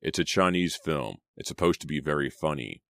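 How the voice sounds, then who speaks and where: A smooth, secretive young man, calm and measured, from a storybook reading, given by a man in his own very deep voice. The delivery stays low and even. The recording is dry and close. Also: no echo, full character voice. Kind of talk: audiobook character reading.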